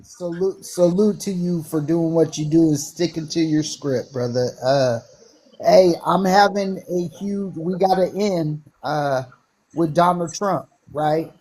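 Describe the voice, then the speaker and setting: A man calling in to a live stream, halting and hesitant, with many restarts. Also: a little high, a little mellow, a little hiss or hum, rough recording. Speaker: caller. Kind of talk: casual chat.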